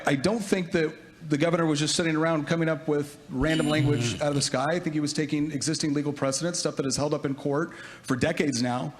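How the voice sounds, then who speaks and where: Measured male legislator, slightly high voice. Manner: measured, with halting restarts. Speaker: state legislator. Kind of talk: legislative floor speech. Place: large legislative chamber.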